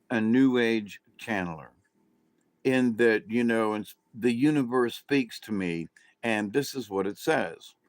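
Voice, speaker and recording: A man rambles through a casual monologue, often stopping to restart his sentences. His voice sits at a middle pitch, and the recording is dry and close. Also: no room sound. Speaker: vlogger, self-described channeler.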